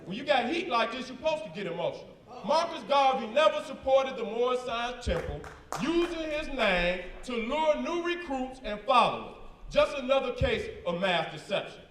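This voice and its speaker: Fired-up high-voiced man debating. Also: big pitch swings, normal speed, fairly bright tone, echoey room, recorded from a distance. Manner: emphatic, combative, slangy asides. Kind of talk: live debate, reading documents aloud. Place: event hall with a crowd.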